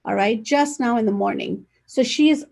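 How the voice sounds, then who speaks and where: A woman real estate agent appears as a guest in a casual conversational interview over a video call, speaking energetically and directly. Her voice is on the high side, a little mellow with vocal fry, at a moderate pace.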